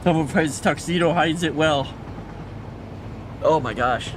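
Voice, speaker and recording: Indoors at home, a man in a slightly high, unhurried voice chats while streaming a game. He pauses now and then to baby-talk and coo at his cat, with background noise present.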